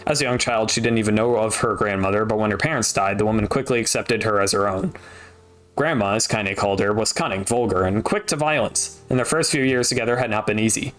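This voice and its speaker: A man reading a novel aloud on a stream, steady narration broken by wry asides. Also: fairly low pitch, fast talker. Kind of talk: casual audiobook reading with asides.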